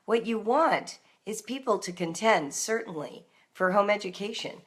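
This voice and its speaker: A woman reading her homeschooling encouragement aloud, then chatting casually with her live audience, gentle and reflective, in her morning voice. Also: medium pitch, lively intonation, normal speed. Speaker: homeschool writer reading her daily book on a live stream.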